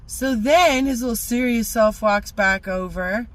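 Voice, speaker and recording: A middle-aged woman telling a rambling personal story in a casual vlog, animated and full of fillers. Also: fairly high pitch, a little slow. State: teary-eyed. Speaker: vlogger.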